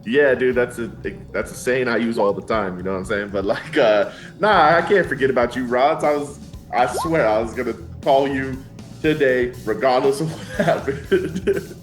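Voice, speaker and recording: A man's voice: medium pitch, moderate pace, close to an everyday voice. Dude doing a chatty young student guy, loose and casual, faint music behind. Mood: friendly. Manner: casual, filler-heavy, laughs between lines. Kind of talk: tabletop role-play over phone call.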